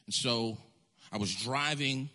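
This medium-pitched pastor takes things slowly while telling stories from the pulpit, emphatic and animated, with many restarted phrases.

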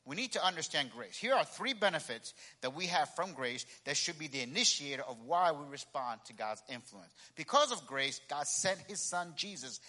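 In a church sanctuary with big-room sound, a pastor preaches emphatically to his congregation, repeating key phrases and calling for responses from the crowd. His voice sits on the high side, expressive and sharp, at a moderate pace with few pauses.

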